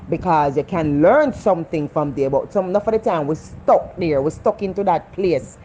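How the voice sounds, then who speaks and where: Low-voiced Jamaican woman giving earnest life lessons. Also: animated, moderate pace, warm tone, dull audio, a little hiss or hum. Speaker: vlogger. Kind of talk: heartfelt motivational talk.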